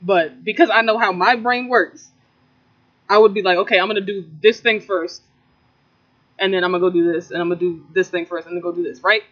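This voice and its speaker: A man's voice: sits high, brisk. A young man co-hosting a podcast, telling a workplace story in casual, profane chat and mimicking the people in it. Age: young adult. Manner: profane, animated storytelling with mocking quoted voices. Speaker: podcast co-host. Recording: dull lo-fi recording.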